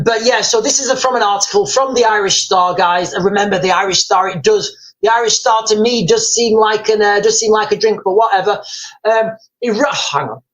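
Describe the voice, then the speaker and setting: A man's voice: sits high, rough recording. A man hosting a live commentary stream. He talks urgently and informally, repeats his points and keeps calling his viewers "guys".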